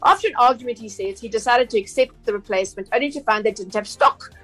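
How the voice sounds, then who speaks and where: A woman's voice: a little high, quick pace, a bit bright, soft background music, poor audio. A South African woman, a consumer journalist on a radio talk show, explaining things in a chatty way with frequent fillers and restarts.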